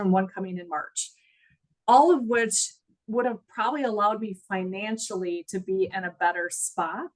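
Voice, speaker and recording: A woman's voice: mid-range voice, low-quality recording. A middle-aged woman telling her story in an interview, earnest and reflective, audibly emotional. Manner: earnest, reflective, laughs at times. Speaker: guest.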